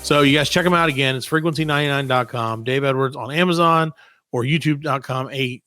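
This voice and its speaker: A man's voice: medium pitch, brisk, bright, forceful tone, no echo, clean studio sound, soft background music. A man co-hosting a casual comedy podcast, hyped and joking, laughing often. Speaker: podcast co-host.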